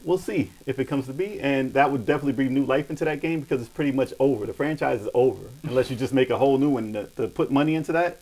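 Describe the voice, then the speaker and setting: A man's voice: mid-range voice, fast talker, few pauses, darkish tone, poor audio. A man hosting a casual gaming podcast, reading news in a laid-back way with frequent laughs. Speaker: podcast host.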